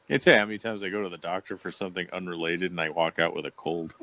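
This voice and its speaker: A man's voice: low voice, fast talker, hardly any pauses, bright, forceful tone, a little hiss or hum. A man hosting a podcast, running a loose, joking, profane casual chat. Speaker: podcast host.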